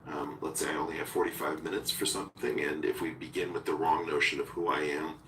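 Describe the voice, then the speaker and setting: Deep-voiced man in an echoey room. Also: fairly even intonation, fairly bright tone. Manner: deliberate, searching, with technical terms. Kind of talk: philosophical conversation. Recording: roomy echo from far off with faint noise.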